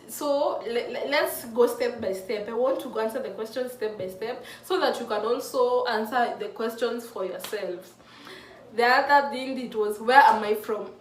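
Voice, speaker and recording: A woman's voice: fairly high pitch, a little hiss or hum. A woman in her mid-twenties talking earnestly and emotionally about her faith, with many restarts, in a casual vlog. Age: mid-20s. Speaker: faith vlogger. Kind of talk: casual heartfelt talk to camera. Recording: echoey room from a distant mic.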